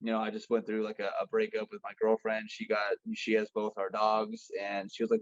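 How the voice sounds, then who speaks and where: A man's voice: on the low side, fairly quick, dry recording, highs cut off. A young man telling stories on a podcast in a casual, profane way, acting out the lines of the people in them. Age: young adult. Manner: animated, profane, acts out quoted dialogue. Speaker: podcast guest. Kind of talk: casual storytelling chat.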